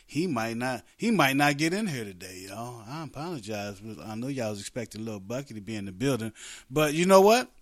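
A man hosting an internet radio show, talking casually in a rambling, joking way and laughing often. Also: medium pitch.

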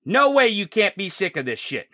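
A commentator delivering an angry, profanity-heavy political rant, swinging from low growls to shouts. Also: very animated, moderate pace, dry recording, studio quality.

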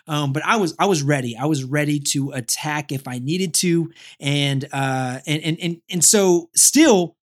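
Animated, stammering storytelling man. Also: on the high side, measured pace, hardly any pauses. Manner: animated, many restarts and repeated words. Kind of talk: casual storytelling chat.

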